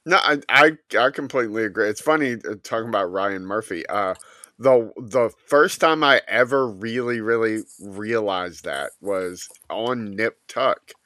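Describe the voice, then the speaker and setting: Male co-host, casual and blunt, bright tone, close dry mic. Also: fairly low pitch, measured pace, no room sound. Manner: blunt, offhand opinions. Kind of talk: casual chat.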